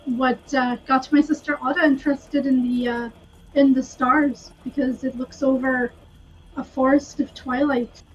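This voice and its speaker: A woman's voice: high voice, flat delivery, a little slow, dull audio, a little hiss or hum. A woman playing a tabletop game, speaking hesitantly with many fillers. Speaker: player.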